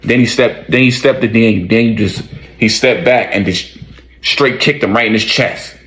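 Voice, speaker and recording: A man casually telling a story, slangy and conversational, with animated retelling. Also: on the low side, moderate pace, poor audio.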